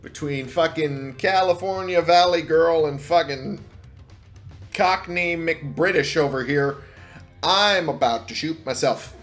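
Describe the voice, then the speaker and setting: A man's voice: on the high side, slow, fairly bright tone, soft background music. A man giving casual gameplay commentary at home on a headset, exasperated and sarcastic, with frequent swearing. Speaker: let's play host.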